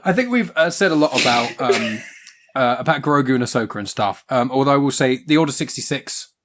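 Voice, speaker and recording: A man's voice: medium pitch, lively intonation, a little fast, fairly bright tone. A man hosting a casual chat, rambling and laughing often, with plenty of ums. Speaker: podcast host. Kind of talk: casual chat reviewing a show.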